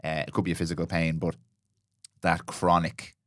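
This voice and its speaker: A man's voice: low voice, level tone, moderate pace, no room sound, clean studio sound. A man hosting a podcast, chatting casually and reflectively about personal experience, with frequent restarts. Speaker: podcast host. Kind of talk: casual interview chat.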